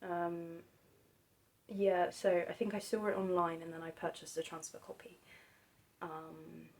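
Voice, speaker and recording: A woman chats on her own about films she loves. She speaks softly and hesitantly, stopping often and restarting her sentences. Her voice sits a little low. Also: flat delivery, unhurried, rough recording. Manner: hesitant, many ums and restarts, soft-spoken. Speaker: film vlogger. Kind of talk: casual monologue about films.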